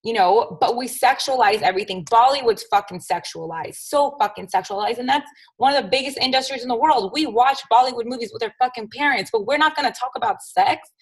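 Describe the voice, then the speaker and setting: A woman's voice: a little high, fairly quick, breathy edge, poor audio. A young woman hosting her own podcast, talking angrily and emphatically with a lot of swearing. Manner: angry, profane, emphatic. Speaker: podcast host. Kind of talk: solo podcast rant.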